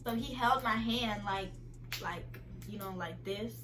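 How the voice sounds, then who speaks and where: A young woman vlogger telling a casual storytime to her viewers, chatty and animated and often laughing. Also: mid-range voice, a little slow, faint music behind, poor audio.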